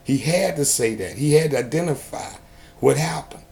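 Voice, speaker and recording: A man talking to the camera in a homemade video, preachy and sarcastic, often rising to loud outbursts. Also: a little high, animated, moderate pace, vocal fry. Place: indoors at home.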